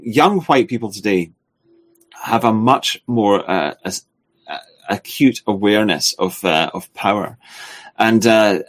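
A man co-hosting a spoken discussion, talking in a halting way with many filler sounds and restarts. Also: fairly low pitch.

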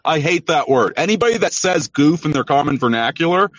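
A man's voice: a little high, lively intonation, fairly quick, fairly bright tone, no echo. A man in casual podcast chat, blunt and sardonic.

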